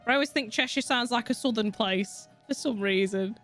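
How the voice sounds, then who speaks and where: A woman's voice: on the high side, a little fast, hardly any pauses, a bit bright, faint music behind. A woman streaming a detective game, chatting casually with her viewers, giggling often, swearing freely and rambling from thought to thought. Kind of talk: casual gameplay commentary with chat.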